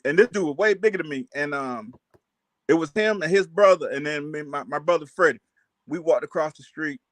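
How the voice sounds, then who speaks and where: A man spins childhood stories in loose, slangy talk. His voice sits high, and he keeps it lively and full of laughter. The sound is close and dry, with no room around it. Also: a little fast, no room sound. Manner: animated, laughing storyteller with Southern US slang. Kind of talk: casual storytelling chat.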